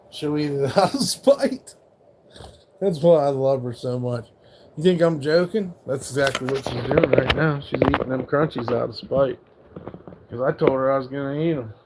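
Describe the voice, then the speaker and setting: A man's voice: medium pitch, a little mellow, slight background noise. A man casually chatting on his live stream at home, swearing freely and teasing his dog about its food. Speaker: livestream host.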